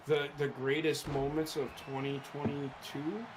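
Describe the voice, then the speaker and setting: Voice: medium pitch, little pitch movement, measured pace, background noise. A co-host chatting casually over a gameplay stream, teasing and swearing. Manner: teasing, swears, laughs often.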